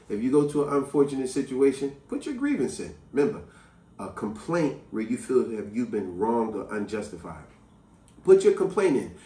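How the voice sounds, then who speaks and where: Animated man telling a story. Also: mid-range voice. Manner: animated, emphatic, conversational. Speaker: vlogger. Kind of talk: storytelling to camera. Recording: echoey room, distant mic.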